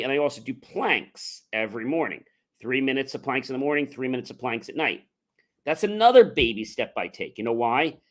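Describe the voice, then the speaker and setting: A middle-aged man hosting a podcast, giving an earnest, conversational motivational talk with frequent fillers and loud emphatic rises. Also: mid-range voice. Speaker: entrepreneur podcast host.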